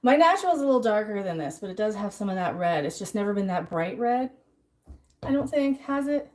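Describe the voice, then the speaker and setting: This livestream host cooks and chats in a very animated, brisk way, her mid-range voice a little mellow. She talks herself through every step and replies to the chat as she works. Now and then she runs short of breath.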